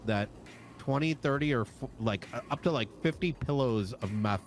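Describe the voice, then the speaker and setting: A man chatting in character with another roleplay player, talking in a halting way full of restarts and fillers. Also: medium pitch, a little hiss or hum. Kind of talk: casual in-character chat.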